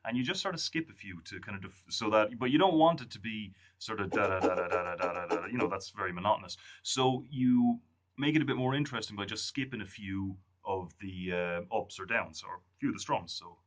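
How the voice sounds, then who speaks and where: A man's voice: lowish voice, brisk, soft background music. Man teaching ukulele, counting beats aloud. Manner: relaxed, counting beats aloud and humming strum rhythms. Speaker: music tutor. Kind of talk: casual instrument lesson. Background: ukulele strumming.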